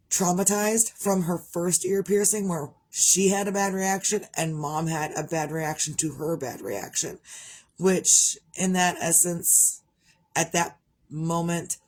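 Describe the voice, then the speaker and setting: A middle-aged parent vlogger talks candidly in a rambling, casual monologue, conversational and full of restarts. Her voice is lowish with a darkish tone.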